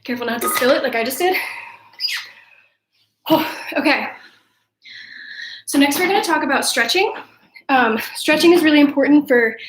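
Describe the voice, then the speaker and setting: Upbeat woman coach leading a home workout, winded, high-pitched, recorded off-mic in a roomy space. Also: a little hiss or hum. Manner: upbeat, counting reps aloud, encouraging. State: out of breath. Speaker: youth sports coach. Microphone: camera mic at a distance. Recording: echoey room, voice from off-mic.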